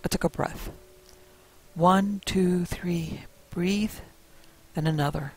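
A man narrating a first-person spooky story in a measured, suspenseful way. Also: high-pitched, steady tone, a little mellow, husky, low-quality recording.

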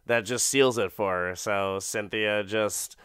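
A man's voice: lowish voice, fairly even intonation, takes it slowly, fairly bright tone, clear, resonant tone, dry recording, studio quality. A man hosting a podcast, retelling an episode in a casual, profane, rambling way full of fillers. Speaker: podcast host. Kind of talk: casual comedic episode recap.

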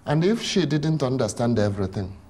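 A man explaining Catholic teaching in an emphatic, animated way, often asking rhetorical questions. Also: mid-range voice, fairly quick, slightly rough.

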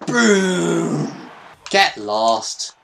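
A man giving casual, excitable, sweary commentary over his own football gameplay. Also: on the high side, drawn-out words, vocal fry, a little hiss or hum. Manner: excitable, sweary, mock-patriotic. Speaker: gaming YouTuber.

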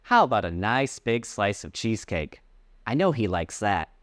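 A man's voice: lowish voice, big pitch swings, normal speed, dry recording, studio quality. A man voicing a friendly, helpful male shopkeeper.

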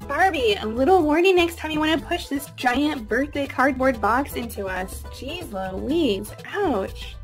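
Woman doing matter-of-fact young princess, very high pitch. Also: animated, measured pace, few pauses, soft background music. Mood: wry. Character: young princess sisters, dry and teasing. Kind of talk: toy play voice acting.

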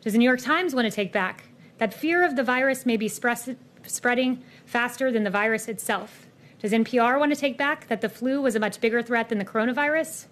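A woman answering a question at a press briefing with a pointed, measured rebuttal. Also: fairly high pitch, a bit bright.

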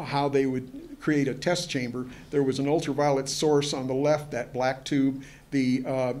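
A man, a museum historian, giving a lecture to an audience, hesitant with many fillers and restarts, and chatty with joking asides. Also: medium pitch.

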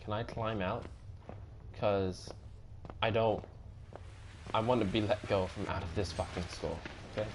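A man's voice: lowish voice, fairly even intonation, measured pace, pauses often, noisy background. A young man commenting on a horror game, panicky, swearing and repeating himself. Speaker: gaming video host.

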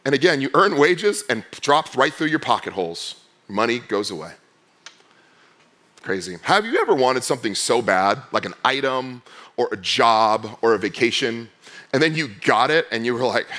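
A man preaching a sermon as pastor. He talks in a conversational way, asks the congregation many direct questions, and swings between loud, fired-up passages and quiet, low ones. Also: big pitch swings, unhurried, pauses often.

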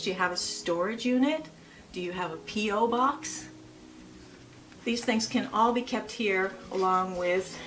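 A woman's voice: medium pitch, a bit bright. A woman in her sixties giving casual lifestyle advice in a chatty vlog, full of asides and rhetorical questions. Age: 60s. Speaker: lifestyle vlogger.

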